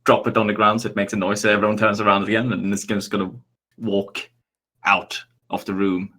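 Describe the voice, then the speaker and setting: A man playing a tabletop game, describing his character's moves in a halting way, with stammers and restarts. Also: on the low side, little pitch movement, bright, forceful tone. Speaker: player.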